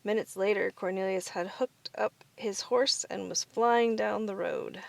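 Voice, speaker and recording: A woman's voice: medium pitch, steady tone, a little slow, vocal fry. Woman reading a children's storybook. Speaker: storybook reader. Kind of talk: reading a children's picture book aloud.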